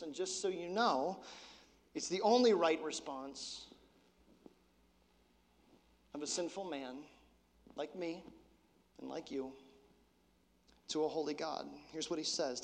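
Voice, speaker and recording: A man preaching a sermon as pastor, talking in a casual, conversational way and then dropping to a soft, intense hush. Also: on the high side, long reverb tail.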